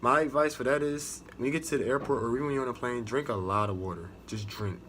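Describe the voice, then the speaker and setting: A man's voice: medium pitch, fast, a bit bright, slight background noise. Profane, rambling young American man. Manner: profane, rambling, restarts a lot. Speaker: navy recruit sharing experience. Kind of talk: casual storytelling vlog.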